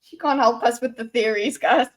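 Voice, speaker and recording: A woman co-hosting a casual book discussion, excited and laughing while she thinks aloud. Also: a little high, moderate pace. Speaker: book club co-host.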